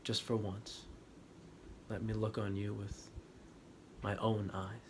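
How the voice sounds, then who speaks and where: A man quoting a dying masked male villain in a hushed, half-whispered voice. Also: lowish voice, slow pace. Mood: weak. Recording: steady background noise.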